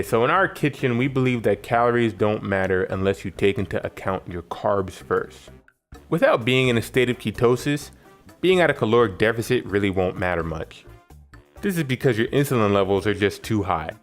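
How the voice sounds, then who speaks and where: Man, New York native, recipe voice-over, wry humor, lively intonation. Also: fairly low pitch. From New York, United States. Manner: wry, joking asides. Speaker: cooking channel host. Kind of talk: narrated recipe tutorial.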